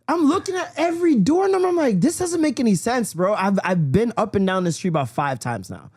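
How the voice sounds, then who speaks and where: A man's voice: high-pitched, fairly quick, breathy edge, dry recording, clean studio sound. A man hosting a podcast, telling stories in casual chat and laughing often. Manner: animated storyteller, laughs often. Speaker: podcast host.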